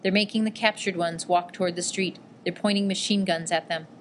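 A woman's voice: on the low side, steady tone, brisk, a little hiss or hum, lightly acted. A woman voicing a watchful, practical young male student in a plain, matter-of-fact way.

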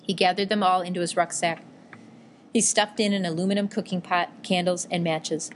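A woman reads an audiobook in a low, measured voice. Her telling is even and steady, with a faint hiss in the background. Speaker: narrator. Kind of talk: audiobook narration.

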